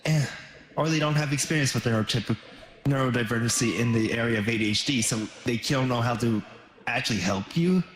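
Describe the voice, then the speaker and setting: A man chatting casually on a gaming stream, blunt and swearing freely, speaking in quick bursts. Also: medium pitch. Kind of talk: casual chat. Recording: echoey room with faint noise.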